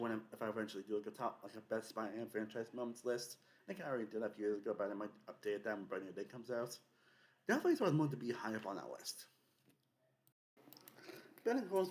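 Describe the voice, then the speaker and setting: Rambling young man with lively pitch. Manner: rambling, many fillers and restarts. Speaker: video essay host. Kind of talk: casual video essay commentary.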